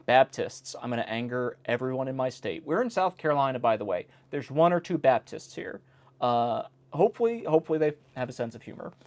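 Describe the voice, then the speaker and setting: Lively man reading old jokes aloud. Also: medium pitch, a little fast. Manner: wry, breaks off to comment on each joke. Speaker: host reading an old joke book. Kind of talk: casual reading aloud with commentary. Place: indoor home recording in South Carolina.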